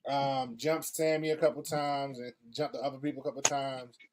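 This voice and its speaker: A man's voice: mid-range voice, little pitch movement, normal speed. A man with a Baltimore accent hosting a casual podcast chat, talking in laid-back slang. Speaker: podcast host. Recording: noisy background.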